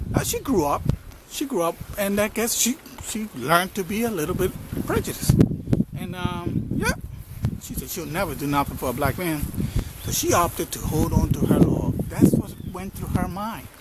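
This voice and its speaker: A man rambles through a story in a casual vlog, with frequent fillers. His voice sits fairly high, with lively swings in pitch. Clear outdoor noise runs behind him. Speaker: motivational marketing vlogger.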